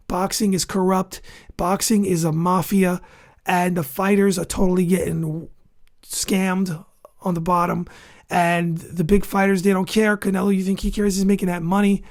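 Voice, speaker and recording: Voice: mid-range voice, flat delivery, measured pace. A boxing show host giving heated, opinionated commentary, ranting and repeating insults for emphasis while skimming an article. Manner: skims and reads an article aloud between outbursts.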